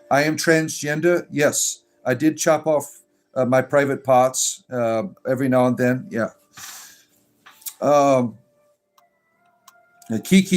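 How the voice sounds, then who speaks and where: Exasperated man answering a live chat. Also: medium pitch. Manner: exasperated, sarcastic, with many fillers. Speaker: pagan clergy livestream host. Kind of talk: livestream reading and answering chat comments.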